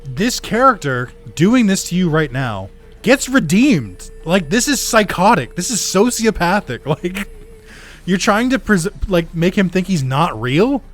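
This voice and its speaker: A young man doing casual let's play commentary, excitable, laughing often and swearing freely. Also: sits high, measured pace, soft background music.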